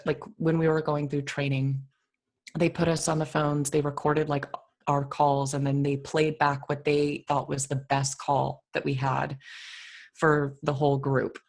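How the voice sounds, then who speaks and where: A woman co-hosting a podcast, with a deep, soothing voice and an animated, expressive way of talking full of fillers. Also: a little slow. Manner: animated and expressive, filler-heavy, laughs often. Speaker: podcast co-host. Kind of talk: casual conversational interview.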